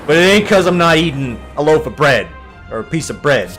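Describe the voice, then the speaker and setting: A young man hosting a gaming video, chatting casually over gameplay and telling animated stories in which he mimics other people's exaggerated voices. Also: fairly high pitch, a little fast, faint music behind. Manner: animated storytelling, voicing exaggerated quoted people.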